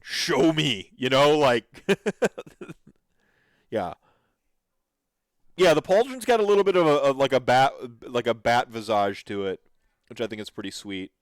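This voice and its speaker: A man's voice: mid-range voice, clear, resonant tone, no echo. A man hosting a podcast, reacting to videos in an enthusiastic, rambling way with lots of fillers. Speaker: podcast host. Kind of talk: casual commentary reacting to videos.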